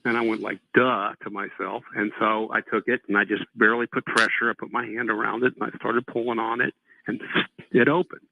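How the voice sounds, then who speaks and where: Brisk and flat, with a low, creaky voice, the man narrates his lengthy abduction story to a host by phone, voicing the dialogue as he remembers it. The tinny line carries no room sound.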